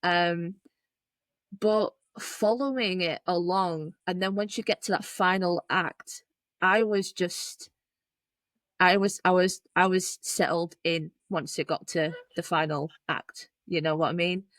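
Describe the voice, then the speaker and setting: Brief: young woman, podcast co-host, somewhat low voice, casual filler-heavy talk, dry close mic. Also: fairly even intonation, slow, fairly bright tone, no echo. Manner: chatty, frequent "like" and "you know", repeats herself. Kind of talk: casual film review chat.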